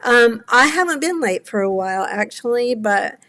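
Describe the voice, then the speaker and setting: A woman's voice: a little high, lively intonation, normal speed, fairly bright tone. A woman in her seventies hosting a cardmaking livestream, chatting with viewers, apologetic and rambling, close to tears. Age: 70s. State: near tears. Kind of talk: casual chat with live viewers.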